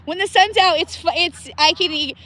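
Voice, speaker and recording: Bright high-voiced woman in cold river. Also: normal speed. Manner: laughs often, chats to viewers by name. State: shivering with cold. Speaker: livestream host. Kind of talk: casual livestream chat.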